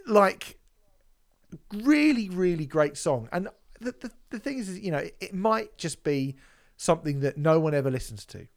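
A man hosts a podcast in casual chat, his pitch rising and falling a lot. He talks in a lively, emphatic way and swears freely. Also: normal speed, creaky. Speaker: podcast host.

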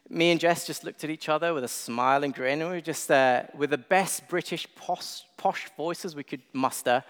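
A man's voice: fairly high pitch, normal speed, hardly any pauses, fairly bright tone, clean tone. Chatty young man preaching in a hall. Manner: conversational, self-deprecating, with filler words. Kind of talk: sermon. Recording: long reverb of a large hall.

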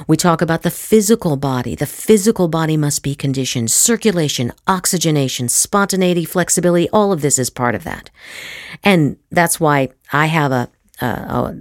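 A middle-aged woman giving an acting master class, emphatic and lively, slipping into demonstration voices. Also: deep voice, no echo, clean studio sound. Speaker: acting teacher.

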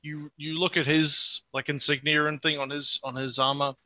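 A man's voice: on the high side, little pitch movement, moderate pace, pushed and bright, no room sound. A man narrating as game master of a tabletop game, setting scenes in a loose, descriptive way.

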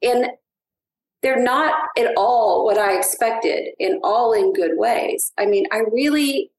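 A middle-aged woman, a guest on a podcast, telling family stories in an eager, animated way. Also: on the high side, takes it slowly. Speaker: guest, adoptive mother. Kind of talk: casual podcast interview. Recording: roomy echo.

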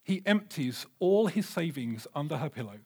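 Pastor, male, 30s, higher-pitched voice, lively and funny storyteller in the pulpit. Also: moderate pace, breathy edge. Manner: animated, humorous storytelling. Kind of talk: sermon.

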